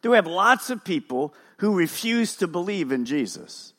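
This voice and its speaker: An animated male pastor preaching at a church service, with a high voice for a man that leaps up and down. He pushes his points with rhetorical questions and emphatic stress. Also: normal speed. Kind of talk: sermon.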